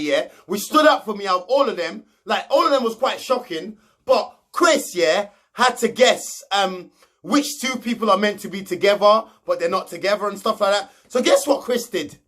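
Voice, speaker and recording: A man's voice: sits high, lively intonation, normal speed, a bit bright. A young man, recapping reality TV gossip in a slangy, mocking, rambling way. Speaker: reality show recap host.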